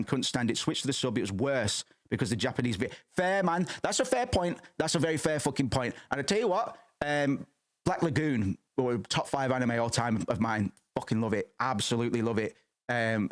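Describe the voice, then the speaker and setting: A man in his thirties chatting casually as a streamer, rambling, swearing freely and restarting his sentences. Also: mid-range voice. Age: 30s. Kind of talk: casual chat.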